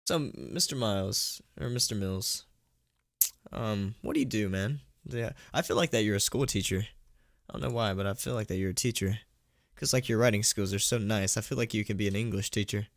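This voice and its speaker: A man with a fairly low voice reads horror stories aloud on a live stream. He keeps tripping over words and laughs at himself. His chatty, thankful asides to donors sound dry and close to the mic. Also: a little fast, vocal fry, dry recording. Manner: stumbling, self-mocking, laughing at his own slips. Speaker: horror story narrator and streamer. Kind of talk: live-streamed story reading. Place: at home.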